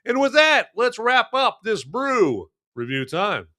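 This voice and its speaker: A man's voice: very animated, slow, pushed and bright. A man hosting a podcast in casual chat, rambling and joking with many restarts and fillers. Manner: jokey, chummy sales pitch. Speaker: podcast host.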